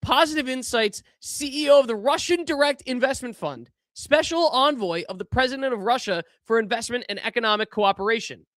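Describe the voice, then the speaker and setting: A young man hosting a podcast, giving casual political commentary in an animated, incredulous way that keeps trailing off and restarting. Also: very high voice, brisk, hardly any pauses, dry recording, clean studio sound. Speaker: podcast host.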